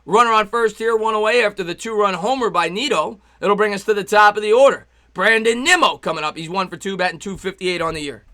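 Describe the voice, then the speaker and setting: A young man calling a baseball game live on his stream, excitable and chatty, reading viewers' messages between pitches. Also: fast, few pauses. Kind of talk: fan play-by-play commentary on a live stream.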